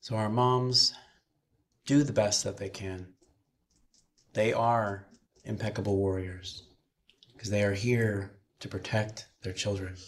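A man minister leading a slow, soothing guided meditation with breathing cues, then speaking to a chapel congregation. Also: fairly low pitch.

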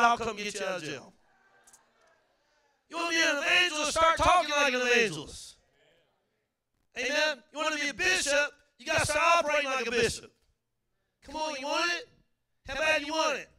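A middle-aged male pastor preaching fervently in a church, leading the congregation in call-and-response and at times shouting. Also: extremely high pitch. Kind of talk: sermon. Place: church sanctuary.

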